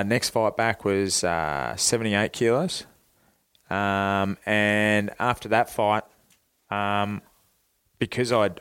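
A young Australian man with a clean, smooth voice, recorded close and dry. He tells stories casually and swears freely, scattering fillers as he goes. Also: on the low side, no room sound. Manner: laid-back, swears freely, many fillers. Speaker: guest, professional boxer. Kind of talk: casual storytelling on a podcast.

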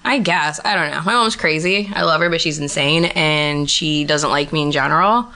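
A woman's voice: low voice, normal speed, bright, forceful tone. Blunt, swearing young woman. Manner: blunt, profane and sarcastic. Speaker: guest. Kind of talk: casual chat.

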